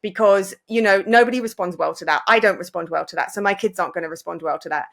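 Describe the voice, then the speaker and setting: A woman's voice: medium pitch, fast, gravelly. A woman who hosts a parenting podcast, talking in a reflective, affirming way. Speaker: podcast host. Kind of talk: casual podcast conversation.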